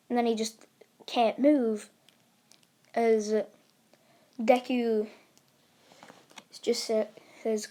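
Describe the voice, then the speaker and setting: A woman narrates an improvised fan story in a slow, wandering way. She backtracks and fills gaps as she goes, her voice sitting a little high. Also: little pitch movement, mellow. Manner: rambling, with many fillers and restarts.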